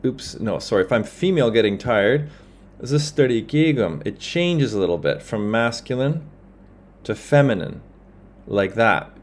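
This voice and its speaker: A man with a slightly low voice walks through a grammar lesson over slides. He explains casually, with fillers and quick self-corrections. He stops to say example phrases in another language. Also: a little mellow. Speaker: language teacher.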